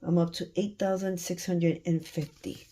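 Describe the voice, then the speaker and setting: A woman counting cash aloud for her budgeting vlog, murmuring numbers and thinking out loud. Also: on the low side, flat delivery, moderate pace, a little hiss or hum. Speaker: budgeting vlogger.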